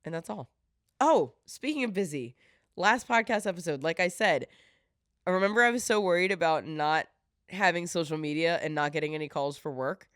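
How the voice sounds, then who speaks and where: A woman's voice: fairly low pitch, expressive, moderate pace, dry recording, clean studio sound. A woman hosting her own podcast in a casual, earnest, heartfelt way, getting teary-eyed as she talks. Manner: earnest and heartfelt, with frequent fillers. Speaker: podcast host. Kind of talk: casual solo podcast talk.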